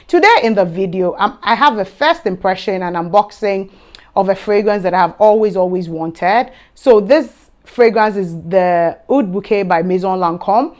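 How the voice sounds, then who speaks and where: A young woman hosting a fragrance channel, chatting excitedly through an unboxing. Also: medium pitch, normal speed. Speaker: fragrance vlogger. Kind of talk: casual unboxing vlog.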